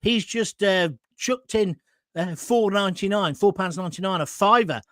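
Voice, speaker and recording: Man, fifties, talk show host, joking and blunt, crude asides, high-ish voice. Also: normal speed, fairly bright tone, no room sound. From England. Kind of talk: casual chat reading viewer comments.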